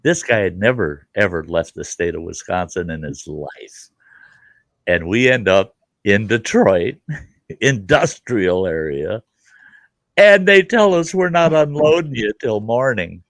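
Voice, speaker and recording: A man's voice: fairly low pitch, expressive, unhurried, a bit bright, no room sound. A man hosting a casual chat, telling folksy stories full of crude asides. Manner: folksy, salty yarn-spinning with crude asides. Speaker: host.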